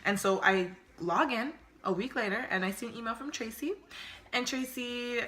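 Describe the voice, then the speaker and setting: A young woman in her twenties telling a personal story to camera in a chatty, expressive way with casual slang. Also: fairly high pitch, normal speed. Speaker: storytime vlogger.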